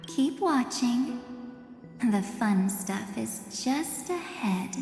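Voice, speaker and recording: An actress voicing a calm, mysterious woman in a game cutscene, speaking slowly in a soft, partly whispered and knowing tone. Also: on the high side, creaky, full character voice. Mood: cryptic. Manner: slow, knowing, teasing. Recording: echoey game audio with hall reverb and music.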